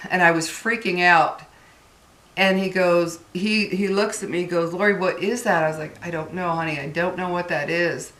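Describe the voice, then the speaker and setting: A woman's voice: lowish voice, bright, forceful tone. A woman vlogger telling a personal story in casual talk, earnestly addressing her viewers as "guys". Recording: echoey room.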